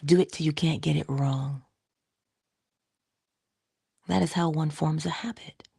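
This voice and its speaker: On a laid-back motivational livestream, the host, a woman with a low, husky, gravelly voice, takes her time. She teases with breathy whispered asides and launches into animated quoted voices. The sound is dry and close-miked.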